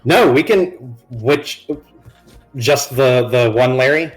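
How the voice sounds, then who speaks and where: A man's voice: mid-range voice, animated, slow. Rambling game master man, faint music. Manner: loose, rambling description full of "like" and restarts. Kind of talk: narrating a tabletop game on a live stream.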